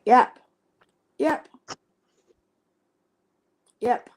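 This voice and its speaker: Slow, heartfelt woman swearing freely. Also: rough recording. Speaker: guest on a live stream. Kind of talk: emotional casual chat.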